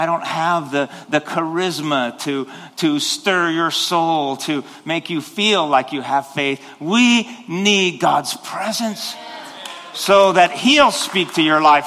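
A man's voice: fairly high pitch, sharp tone. A man preaching a sermon as pastor, rambling with restarts and then rising into sudden passionate bursts. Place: church sanctuary. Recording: long hall reverb.

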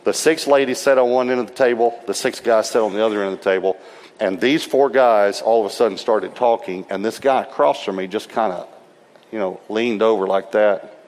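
A man with a fairly low voice preaches a sermon as a lively storyteller, acting out what others said. His voice rings with the long reverb of a large church hall. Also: fairly quick. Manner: lively storyteller who acts out quotes and laughs. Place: church service.

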